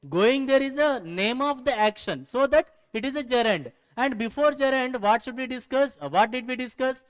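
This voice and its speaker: A man's voice: very high-pitched, expressive, moderate pace, clean tone, long reverb tail. A man teaching a grammar lesson, explaining rules step by step and repeating key phrases.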